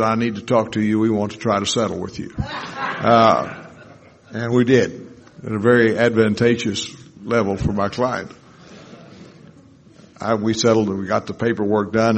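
A man's voice: on the low side, vocal fry. A man telling wry, folksy stories to a live audience about his recovery. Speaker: speaker sharing recovery stories.

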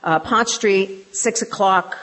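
A woman's voice: medium pitch, slow pace, a bit bright. An older woman from England sharing her personal testimony at a recovery meeting, joking about herself between many fillers.

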